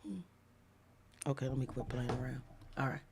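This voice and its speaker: A woman hosting a live devotional stream, talking casually with viewers and slowing down to stress key lines. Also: a bass voice, little pitch movement, background noise. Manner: chatty, reads viewer comments aloud, slows down for emphatic lines. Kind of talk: casual livestream devotional preaching.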